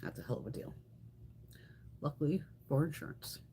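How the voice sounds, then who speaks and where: A woman's voice: sits low, normal speed, slight background noise. A middle-aged woman hosting a beauty livestream, chatting casually, swearing freely and answering viewers. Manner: animated, swears freely, chats with live viewers.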